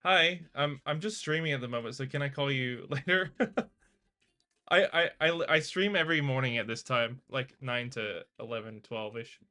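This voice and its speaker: Man, casual live streamer, bright and chatty, reacts to his chat. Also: mid-range voice, moderate pace. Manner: chatty, laughing, talks to viewers and reads their chat aloud. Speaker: live streamer learning to code.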